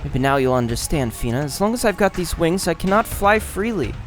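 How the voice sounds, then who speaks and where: A man voicing a sorrowful young woman with wings in a game, quiet and resigned. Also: fairly high pitch, sing-song, fairly quick, soft background music, pitched above the performer's own voice. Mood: somber.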